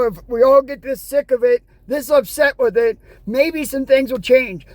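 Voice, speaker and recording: A high-pitched woman from the United States vents in an angry vlog rant, sarcastic and exasperated. Her voice sits close and dry. Now and then she reads news headlines aloud. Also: darkish tone, no echo. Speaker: vlogger.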